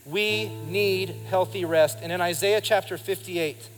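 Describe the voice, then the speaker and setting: A man's voice: high-pitched, a little slow. A man in his thirties, a pastor preaching a sermon to his congregation with emphatic delivery and calls for the crowd to respond. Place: church service before a congregation. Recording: live in a reverberant hall with music behind. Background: music.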